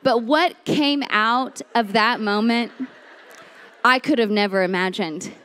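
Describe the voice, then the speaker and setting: A young woman giving a chatty, animated sermon, telling a story and acting out the voices in it. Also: a little high, slow, smooth, long reverb tail. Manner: lively, chatty, acts out voices in her story. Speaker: speaker at a women's church series.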